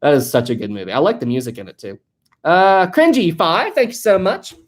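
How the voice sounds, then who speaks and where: A chatty live-stream host in a relaxed, joking mood, reading out comments from the chat. They laugh easily and think aloud with lots of fillers. The voice sits at an ordinary middle pitch. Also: fairly quick. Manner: chatty and jokey, laughs a lot.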